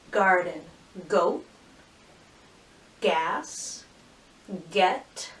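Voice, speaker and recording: A woman teaching a phonics lesson to young children, cheerfully sounding out words and syllables slowly and clearly. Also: mid-range voice, distant mic. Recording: roomy echo, voice from off mic.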